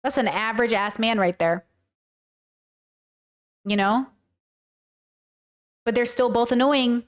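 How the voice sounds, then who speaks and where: Blunt woman streamer with a higher voice. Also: slow. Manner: blunt, emphatic, swears casually. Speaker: streamer and commentator. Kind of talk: casual livestream commentary.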